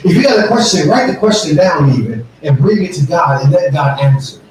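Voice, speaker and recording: A male pastor delivers a fervent sermon, swelling into shouts and call-and-response. His voice sits high for a man. He is heard from a distance in a very reverberant church, with the congregation answering. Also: expressive, fairly quick. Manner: preacher building to shouted fervor, call and response. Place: church sanctuary. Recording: echoey church from far off.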